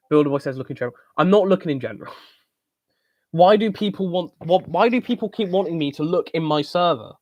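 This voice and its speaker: A man's voice: fairly high pitch, dry recording, studio quality. A young man from the UK hosting a casual live-stream Q&A, rambling with lots of ums and joking bluntly. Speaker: channel host answering viewer questions.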